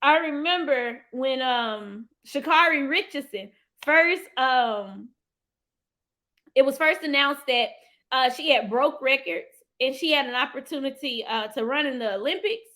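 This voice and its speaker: Woman, motivational live stream, high voice, bright tone, animated and heartfelt, talks to viewers as y'all. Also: unhurried. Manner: animated and heartfelt, with sudden whoops. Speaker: livestream host and financial coach.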